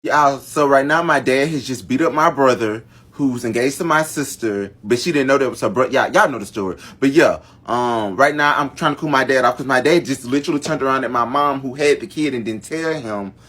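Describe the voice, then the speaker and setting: Speaking briskly with few pauses, a man with a medium, somewhat bright voice launches into a long family tale. It's a casual storytime vlog, told dramatically and aimed straight at his viewers.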